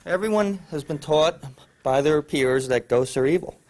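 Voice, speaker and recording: A man with a slightly higher voice stands up in the audience and explains his point. He speaks earnestly and steadily to the speaker. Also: normal speed, a little mellow, slight background noise. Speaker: audience member. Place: audience at a talk.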